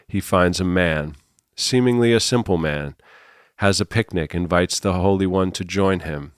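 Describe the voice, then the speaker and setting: A man's voice: low voice, fairly bright tone, clear, resonant tone, no room sound, clean studio sound. A male podcast host telling long, meandering stories in a loose, philosophical conversation. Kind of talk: rambling storytelling conversation.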